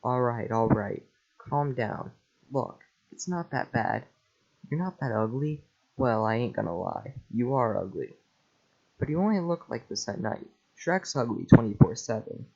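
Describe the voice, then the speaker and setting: A man voicing an excitable male talking donkey in a casual script reading, chatty and quick to panic. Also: medium pitch, gravelly. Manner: jittery, chatty, yelps in panic. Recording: lo-fi home mic.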